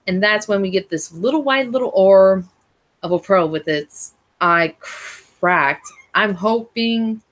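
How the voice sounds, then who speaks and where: A woman's voice: mid-range voice, takes it slowly, fairly bright tone. A woman giving a casual, rambling recap of an episode as a fan reviewer, often restarting and correcting herself.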